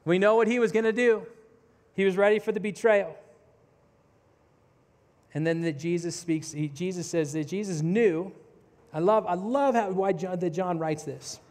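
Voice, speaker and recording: A man's voice: high-pitched, a little slow, pauses often, a little mellow. A man preaching a sermon, retelling a story vividly and speaking directly to his listeners. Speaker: pastor. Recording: long reverb of a large hall.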